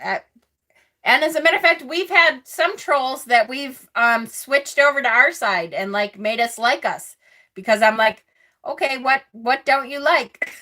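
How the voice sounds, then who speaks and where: A woman's voice: fairly high pitch, unhurried, bright, forceful tone. A woman hosting a casual tarot live stream, chatty and snarky, laughing often. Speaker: tarot channel host.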